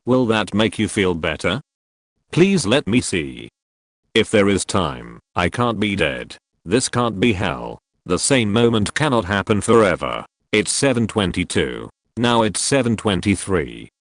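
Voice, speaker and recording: A young man reading a first-person account aloud in measured scripted narration, dropping to a hush on repeated refrains. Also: big pitch swings, no room sound, clean studio sound. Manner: low, measured, drops to a hushed tone for repeated refrains. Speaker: narrator reading a trip report.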